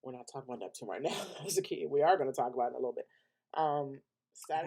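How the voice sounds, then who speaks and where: Man, astrologer, casual monologue, emphatic, laughs often, loose colloquial talk, mid-pitched voice. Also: very fast, vocal fry, darkish tone, breathy edge. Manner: chatty and emphatic, laughs often between points; loose colloquial speech with restarts. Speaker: astrologer giving a weekly forecast.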